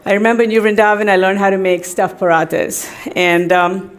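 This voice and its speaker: Talking fairly quickly in a steady, medium-pitched voice, a middle-aged woman pays tribute to her teacher through personal anecdotes. She's chatty, laughs often, and uses many fillers.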